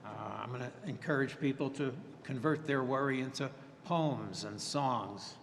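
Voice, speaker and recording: A man, a therapist, presenting a professional webinar in a halting way, with many fillers and restarts and a dry sense of humor. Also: medium pitch, long reverb tail, a little hiss or hum.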